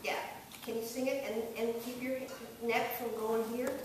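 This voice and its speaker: A woman vocal coach with a high voice gives encouraging, demonstrative directions and sometimes sings a line to show how. She is recorded from a distance in a very echoey room. A steady noise sits behind her. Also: normal speed. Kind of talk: singing lesson coaching.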